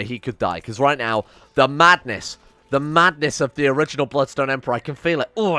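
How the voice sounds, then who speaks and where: A man's voice: medium pitch, bright, forceful tone, clean tone, no room sound. A young man giving casual, exasperated game commentary, swearing and ranting theatrically. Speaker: game streamer.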